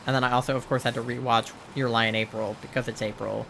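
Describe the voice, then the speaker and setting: A young man talking into a headset while he streams a game, his voice edged with a gravelly fry. He rambles casually, leaning on fillers and loose asides, at a middling pitch over a faint hiss. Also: level tone, quick pace, a bit bright. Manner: chatty, rambling, many fillers. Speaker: livestreamer. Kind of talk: casual chat while gaming.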